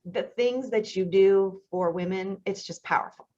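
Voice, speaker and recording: A woman's voice: medium pitch, measured pace. Emotional woman host on muffled audio. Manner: emotional, warm praise. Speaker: event host. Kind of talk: hosting a graduation ceremony.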